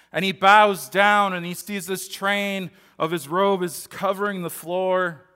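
Male pastor, fairly high, bright tone, earnest conversational sermon. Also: smooth. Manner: earnest, conversational preaching with frequent restarts.

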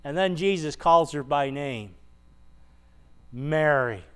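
Guy preaching slow and easy, chatty, keeps asking the church questions. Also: sits high, fairly bright tone, clear, resonant tone. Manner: conversational storytelling, rhetorical questions to the congregation. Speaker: pastor. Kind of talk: sermon.

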